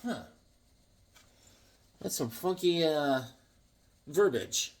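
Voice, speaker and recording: A man's voice: a little high, lively intonation, normal speed. A tired middle-aged man chatting casually and rambling with jokes as he shows off old comic books. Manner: rambling, joking, reads comic lines aloud. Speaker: comic book collector vlogger. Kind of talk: casual show-and-tell chat.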